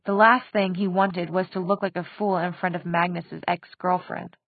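A woman reading an audiobook in a steady, expressive narration. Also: lowish voice, normal speed, no echo. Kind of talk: scripted narration. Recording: dry tinny phone-like sound.

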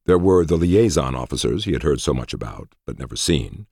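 Very deep gravelly male narrator. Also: big pitch swings, darkish tone, dry recording, studio quality. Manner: measured, low and gravelly. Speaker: audiobook narrator. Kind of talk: scripted narration.

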